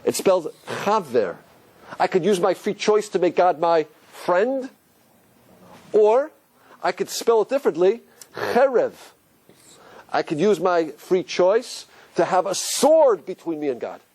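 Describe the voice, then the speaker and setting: A little slow and captured in a low-quality recording, a man teaching as a rabbi leads a lively religious class. He animatedly poses questions to his audience, his voice rising and falling as he explains.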